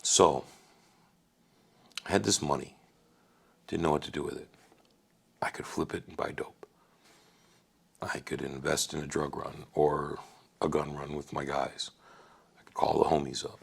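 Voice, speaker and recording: A man in his forties from Wisconsin, a podcast guest telling his life story in a casual, animated and profane way, often asking "right?". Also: extremely low pitch, unhurried, gravelly, long pauses, breathy edge.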